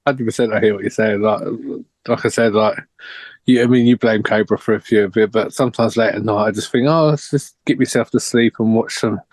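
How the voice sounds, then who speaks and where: A man's voice: on the low side, fairly even intonation, a little fast, a little mellow, no echo. A man chatting casually with friends, laughing as he tells a story and puts on voices for quotes. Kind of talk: casual chat among friends.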